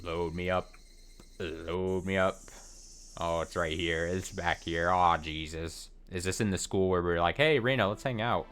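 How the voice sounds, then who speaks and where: A man streaming a visual novel, chatting casually and thinking aloud in slow, drawn-out phrases. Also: low voice, level tone, fairly bright tone, clear, resonant tone. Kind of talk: let's play commentary. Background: faint game music.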